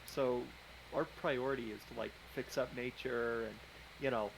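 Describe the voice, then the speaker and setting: A man's voice: mid-range voice, fairly even intonation, normal speed, vocal fry, noisy background. A man playing a tabletop game, talking casually with plenty of fillers. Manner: casual, filler-heavy talk. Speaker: player.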